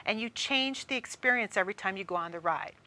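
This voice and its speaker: A woman presenter giving a training talk, telling a story in a lively way and speaking straight to the listener. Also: medium pitch, fast.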